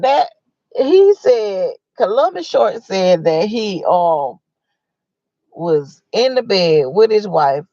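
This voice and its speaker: A livestream host in casual commentary, animated and exclamatory, laughing often while retelling what others said. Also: mid-range voice, creaky, no room sound, lo-fi sound.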